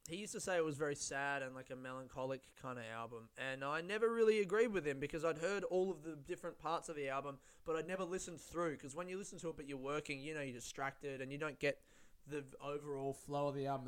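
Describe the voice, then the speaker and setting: Smooth-voiced rambling, cursing man. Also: a little high. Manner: rambling, swears a lot, self-mocking. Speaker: podcast host. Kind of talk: solo podcast monologue. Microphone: studio-style podcast mic.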